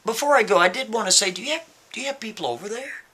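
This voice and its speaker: A man voicing a brisk, matter-of-fact woman art buyer in a told story. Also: sits high, lively intonation, bright, forceful tone, voice pushed up.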